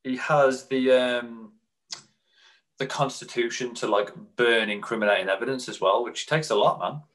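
A man co-hosting a podcast in casual chat, telling animated stories and slipping into quick mimicked voices of other people. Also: medium pitch, low-quality recording. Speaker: podcast co-host.

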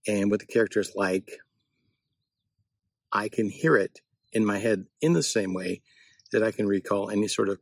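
A man shares writing advice outdoors in a loose, reflective monologue, drifting from thought to thought. His voice is husky and sits fairly low, and the sound is dry and close with little room echo. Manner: reflective, meandering. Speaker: writer giving writing tips. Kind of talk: casual spoken monologue. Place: outdoors, not in a studio.

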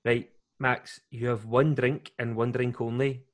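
A Scottish man co-hosting a podcast, teasing the others in animated casual banter. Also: mid-range voice, a little slow. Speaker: podcast co-host. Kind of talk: casual chat.

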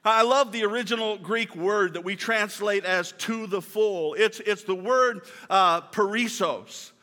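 Bright-voiced pastor preaching in a hall. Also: male voice, high voice. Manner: conversational, joking with congregation, emphatic slow quotes. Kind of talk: sermon. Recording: reverberant hall sound.

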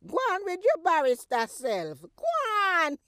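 A woman playing a mother in a comedy skit who scolds and teases her daughter in a loud Jamaican accent, with a lively voice. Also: extremely high pitch, full character voice.

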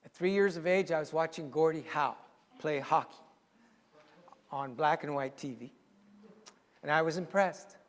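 A man delivering a sermon as pastor, telling stories with dramatic drops to a hushed voice for emphasis. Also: a little high, normal speed, long pauses. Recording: long reverb in a large hall.

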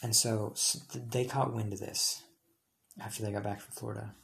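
A young man with a somewhat low voice and a gravelly, vocal-fry edge tells a personal story. He rambles, leans on filler words and keeps correcting himself mid-sentence. It sounds like a casual storytime monologue. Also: flat delivery, moderate pace, fairly bright tone. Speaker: high school student telling a personal story.

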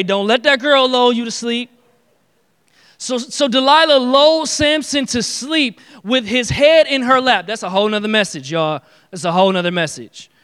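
A man preaching a casual, slangy sermon in a church, animated and acting out quotes. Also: very high voice, smooth.

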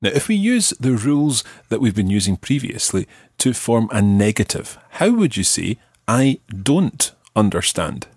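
Patient male language teacher, lively and husky. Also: medium pitch, no echo, clean studio sound. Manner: patient, slows down to spell out phrases. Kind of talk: podcast language lesson.

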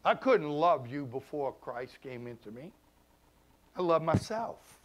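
A man, a pastor preaching a sermon in a conversational way, swinging between loud emphasis and hushed asides. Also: a little high, expressive, a little slow. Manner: conversational, informal grammar and repeated phrases.

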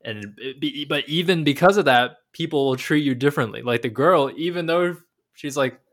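A young man co-hosting a casual discussion of an anime episode, rambling and animated with lots of fillers. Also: fairly high pitch, moderate pace. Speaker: podcast co-host.

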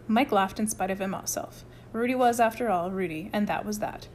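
Woman reading a kids book aloud, even and clear. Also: mid-range voice, moderate pace, few pauses, a little hiss or hum. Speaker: audiobook reader. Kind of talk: scripted narration.

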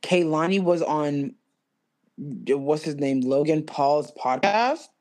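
A woman in casual podcast chat, talking in slangy, expressive bursts. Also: deep voice, slow.

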